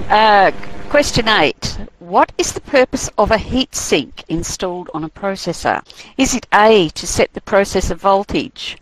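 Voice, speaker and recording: Slow-reading woman quiz host. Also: medium pitch, animated, slight background noise, low-quality recording. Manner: giggly, reads options slowly and deliberately. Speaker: quiz host on a course broadcast. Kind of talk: reading quiz questions on air.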